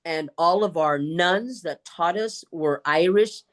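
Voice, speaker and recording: A woman speaker answering questions on a video call, with an animated storytelling delivery. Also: lowish voice, slow pace, few pauses. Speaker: guest speaker. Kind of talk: Q&A answers in an online meeting.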